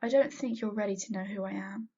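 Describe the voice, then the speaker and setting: A woman reading as a mysterious teenage girl, teasing and soft-cooing, with a husky, breathy tone. The recording is dull and lo-fi. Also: medium pitch, fast talker. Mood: calm.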